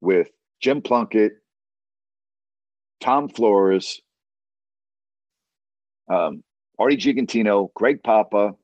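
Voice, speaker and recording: A man's voice: fairly low pitch, takes it slowly, long pauses, a little mellow, no echo, highs cut off. A man who works as a sports broadcaster tells a story in a blunt, emphatic way, often repeating words for stress. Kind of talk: storytelling monologue.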